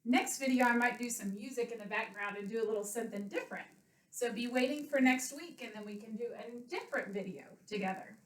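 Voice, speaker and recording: Talking fast in a voice on the high side, a woman who teaches elementary PE walks kids through a home workout. She counts each rep aloud and explains plainly despite being a little out of breath, and the webcam's distance makes the room sound spacious.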